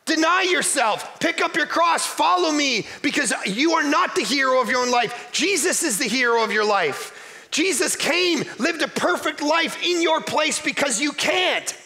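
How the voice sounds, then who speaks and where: A guest pastor from Canada preaching a sermon in a church, energetic and emphatic, joking with the congregation. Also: male voice, very high-pitched, unhurried, vocal fry, faint music behind.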